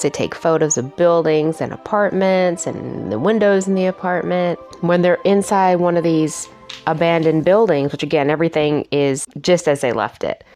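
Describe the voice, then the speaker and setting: Casual woman doing a horror movie review, lowish voice, faint music behind. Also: a little mellow. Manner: chatty, self-mocking, laughs at her own jokes.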